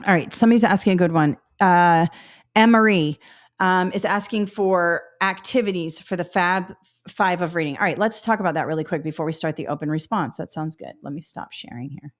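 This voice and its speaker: This test prep instructor's voice is on the low side and fairly quick. Teaching a live webinar, she stays upbeat, drills speech sounds by repetition, and frequently checks on her listeners.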